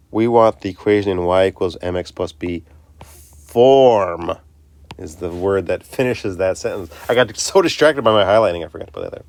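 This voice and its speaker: A man teaching a recorded math lesson, chatty and self-interrupting, talking students through each step. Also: lowish voice.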